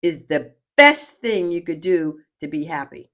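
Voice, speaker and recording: Animated older grandma, big swoopy voice, laughs a lot, chatting at home. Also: female voice, fairly low pitch, measured pace. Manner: lively, boastful storyteller who laughs often. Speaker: podcast guest grandmother. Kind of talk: casual chat.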